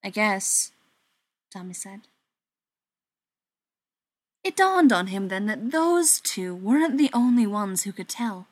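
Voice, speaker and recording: A woman reads a story aloud at an even pace, her voice sitting in a middle pitch and sometimes sinking to a whisper. The recording is dry and close, with no room around her. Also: slow, pauses often, dry recording. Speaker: narrator.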